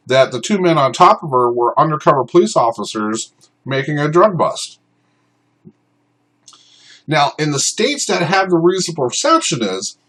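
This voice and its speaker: A man teaching self-defense law in an unscripted, informal way, often pausing on ums and uhs. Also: mid-range voice, low-quality recording. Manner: informal, many ums and uhs, shouts out acted commands in examples. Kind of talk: unscripted explanatory talk.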